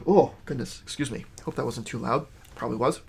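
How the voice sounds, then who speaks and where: A man's voice: medium pitch, expressive, normal speed, vocal fry, slightly rough. A man casually reviewing a stack of new comic books, rambling and enthusiastic, with lots of fillers and restarts. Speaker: comic shop video host.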